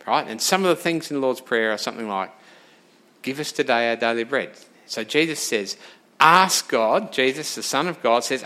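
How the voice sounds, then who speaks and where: A man preaching a sermon, lively and direct, asking the congregation questions and moving between loud emphasis and quiet asides. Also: medium pitch. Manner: animated, talks straight to the congregation with questions.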